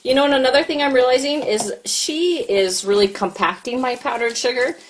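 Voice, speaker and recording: A woman's voice: high voice, a little fast, a little hiss or hum. An American woman and mom hosting a casual live stream while cooking, chatting to viewers and her child at once. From United States. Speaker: host and mom.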